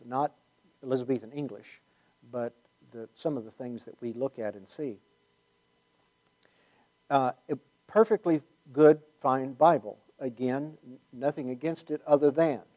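A man's voice: mid-range voice, darkish tone. A man giving a conversational Bible teaching talk, rambling with many fillers and restarts and wry asides. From United States.

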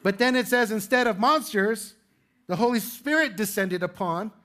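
A male pastor with a high voice preaches to his church in an easy, conversational way. He asks his listeners rhetorical questions and adds light humor. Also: animated, normal speed, fairly bright tone. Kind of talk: sermon. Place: church sanctuary with congregation.

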